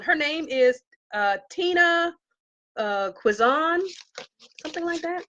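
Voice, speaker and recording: Animated woman telling a story live. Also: normal speed, low-quality recording. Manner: animated, acts out quotes in a high voice. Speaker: live-stream vlogger. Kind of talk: casual storytelling to live viewers. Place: home with herbs around.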